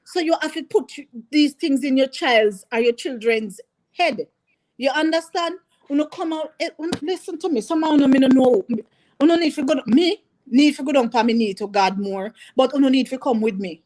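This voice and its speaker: A woman's voice: high-pitched, normal speed, darkish tone, poor audio. A woman teacher with a Jamaican accent, talking earnestly to parents and mixing in patois. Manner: emphatic, repeats points, mixes patois. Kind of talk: impassioned talk to parents.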